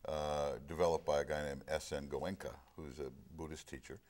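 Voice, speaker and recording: Middle aged guy with a super low voice, reflective and earnest, just chatting. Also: little pitch movement, normal speed, a little mellow. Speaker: film discussion guest. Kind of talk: casual chat.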